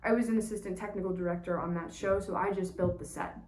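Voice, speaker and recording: A woman who works in stage management, telling a casual personal story in a lively way, with small laughs and quick restarts. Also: mid-range voice, slight background noise. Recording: roomy echo, distant from mic.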